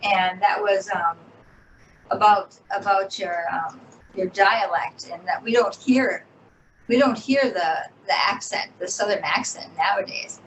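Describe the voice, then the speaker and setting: A woman's voice: mid-range voice, unhurried, a bit bright. A woman hosting an interview, asking questions in a hesitant way with many fillers. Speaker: interview host. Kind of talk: casual interview. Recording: roomy, distant mic, faint noise.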